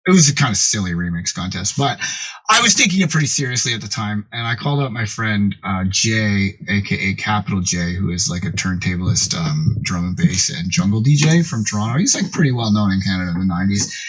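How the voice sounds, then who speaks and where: A man's voice: on the low side, brisk, slightly rough, rough recording. A middle-aged man, a music producer, telling a long anecdote as a podcast guest and acting out what others said. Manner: animated, acts out quoted voices loudly. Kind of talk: casual storytelling.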